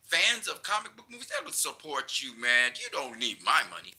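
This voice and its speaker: A man's voice: medium pitch, very animated, a little fast, few pauses, bright, forceful tone, low-quality recording. A man ranting in a casual video commentary, heated and emphatic, repeating his points. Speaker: vlogger.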